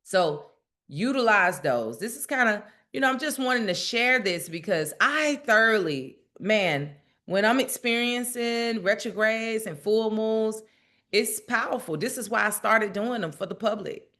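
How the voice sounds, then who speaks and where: Woman, spiritual teacher, casual livestream talk, bright clear tone, chatty, laughs often, talks to viewers. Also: a little high, lively intonation, unhurried.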